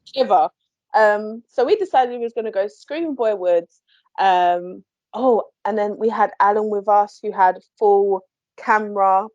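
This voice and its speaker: A woman, a paranormal investigator, telling a story in a chatty, animated way on a podcast, quick to laugh. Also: medium pitch, no echo. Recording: dry, slightly muffled podcast audio.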